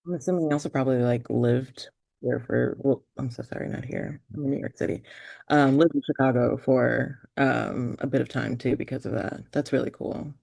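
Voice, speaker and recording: Woman, podcast guest; meandering, many "like"s, some vocal fry, dry close recording. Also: very deep voice, fairly even intonation, fairly quick, a little mellow, no echo. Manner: rambling, filler-heavy, trailing off. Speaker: guest filmmaker. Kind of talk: casual podcast chat. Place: remote from the hosts, in New York.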